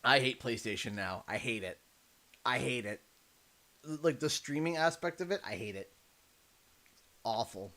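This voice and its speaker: A man's voice: mid-range voice, a little slow, pauses often, pushed and bright. A man in his thirties chatting casually while livestreaming a game, a chatty storyteller who laughs and acts out voices. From Canada. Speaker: livestreaming gamer.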